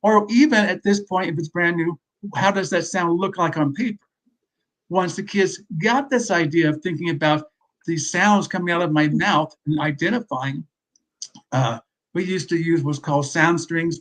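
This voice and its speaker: A man's voice: fairly high pitch, normal speed, a bit bright. A man from the US West Coast, a literacy expert guest explaining his points in a casual, conversational panel discussion.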